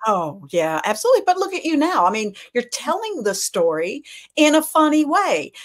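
A woman's voice: sits high, big pitch swings, normal speed. A woman guest in a casual interview, responding with enthusiasm and affirming what she hears. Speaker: guest speaker.

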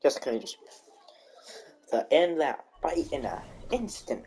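A man's voice: a little high, big pitch swings, slow, a little mellow, a little hiss or hum. A man live-streaming a fighting game, talking over it in a joking, boastful, rambling way. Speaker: gaming streamer.

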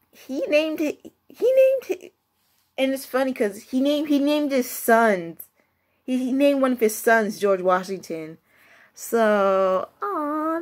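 A young woman telling a story in a casual, rambling monologue, with many restarts and excited rises in pitch. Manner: lively pitch jumps when excited. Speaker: vlogger.

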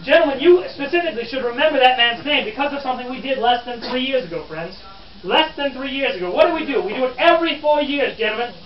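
With an extremely high pitch, lively intonation and a quick pace, a man in character as a lecturing 1860s newspaperman speaks theatrically to a crowd at an outdoor historic park program. This living history interpreter is mocking and scornful, calling listeners "friends," and the camera audio is distant, roomy and dull.

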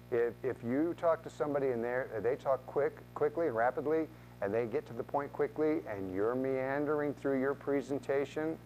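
Man, real estate trainer, middle pitch, animated, acts out quotes, faint hum behind. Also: poor audio. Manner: animated, acts out quoted voices, repeats words. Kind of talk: training talk to agents.

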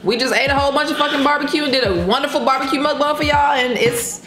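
A woman's voice: sits high, fast. A woman vlogger in casual chat, laid-back and cussing freely. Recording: echoey room with music behind.

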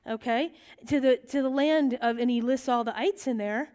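A middle-aged woman teaching a bible study, lively and animated, acting out the voices in the stories she tells. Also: high-pitched, moderate pace. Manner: animated, acts out quoted voices.

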